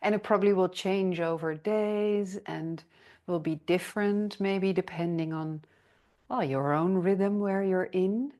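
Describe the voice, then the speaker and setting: A woman's voice: fairly low pitch, measured pace, darkish tone. A woman hosting a podcast, reflecting thoughtfully and affirming her guest's ideas. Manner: thoughtful, affirming, lots of agreement. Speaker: podcast host.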